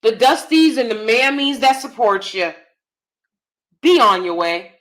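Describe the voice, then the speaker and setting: Blunt, bright-voiced woman streamer. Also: a little high, lively intonation, a little slow. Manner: blunt, emphatic, repeats herself. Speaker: commentary channel host. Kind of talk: live-stream commentary.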